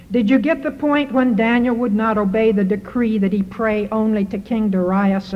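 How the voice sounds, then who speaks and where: Slow-speaking woman preaching in a hall. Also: medium pitch. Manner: rhetorical, repeating questions. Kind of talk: sermon. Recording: muffled hall recording with reverb.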